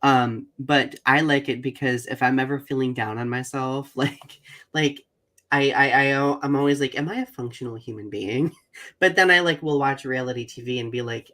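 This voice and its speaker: A woman co-hosting a podcast in casual chat, making reflective points with animated asides and frequent laughter. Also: very deep voice, normal speed. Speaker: podcast co-host.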